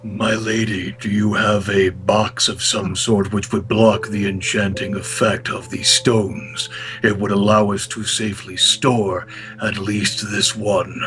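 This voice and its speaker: A man's voice: on the low side, flat delivery, a little slow. A man playing in a tabletop game, speaking formally and courteously in character over background music. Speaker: player.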